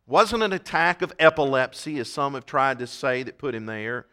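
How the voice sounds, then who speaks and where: A male preacher giving a sermon, talking emphatically, swelling loud on key points and repeating words. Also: medium pitch, animated, normal speed, smooth.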